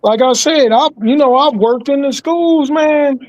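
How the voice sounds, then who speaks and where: A man's voice: very high-pitched, measured pace, no room sound, highs cut off. A man co-hosting a casual podcast, chiming in bluntly and with swearing. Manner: blunt, profane, chiming in with agreement. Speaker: podcast co-host. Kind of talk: casual chat.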